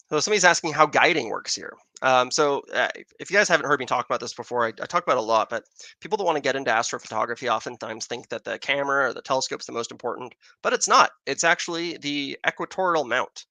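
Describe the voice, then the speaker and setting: A man's voice: medium pitch, fast talker, bright, forceful tone, no room sound. An American man hosting a casual astronomy livestream, rambling as he answers viewer questions. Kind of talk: casual live-stream chat. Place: outdoors in Arizona with a telescope.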